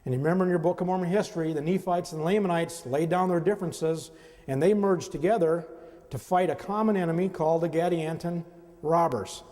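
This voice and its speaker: A man's voice: on the high side, a little fast, a little mellow. A man giving a slide lecture to an audience in a conversational way, often turning to the listeners with questions. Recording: long reverb of a hall.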